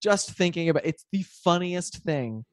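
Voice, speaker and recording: A man's voice: a little high, animated, moderate pace, no echo. Podcast co-host, male, eager and chatty, dry close recording. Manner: enthusiastic, trailing restarts. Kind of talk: casual chat.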